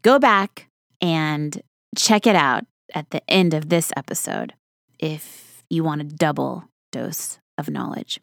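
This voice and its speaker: A woman's voice: low-pitched, big pitch swings, slow, gravelly, a bit bright, dry recording, clean studio sound. A woman hosting a podcast, chatting in a casual, enthusiastic, folksy way. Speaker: podcast host.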